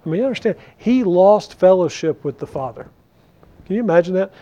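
A man teaching a conversational Bible study, animated and full of questions to his listeners. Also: sits high, a little fast. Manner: animated, rhetorical questions to the audience. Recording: dull lo-fi recording.

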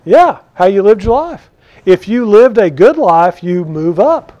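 A man teaching a conversational Bible study, animated and full of questions to his listeners. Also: high-pitched, measured pace. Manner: animated, rhetorical questions to the audience. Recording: dull lo-fi recording.

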